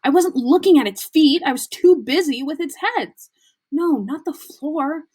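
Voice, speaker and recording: A woman's voice: high voice, moderate pace, a little mellow, pitched above the performer's own voice, natural voice. A woman voicing a bossy, clever schoolgirl who snaps and lectures. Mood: snappish lecturing. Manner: snappish, lecturing.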